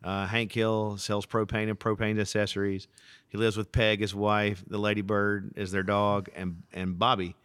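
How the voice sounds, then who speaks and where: A man who is a pastor, chatting on a podcast and telling stories in an animated, rambling way. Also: fairly low pitch, moderate pace, clean tone, no echo. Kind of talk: casual podcast conversation.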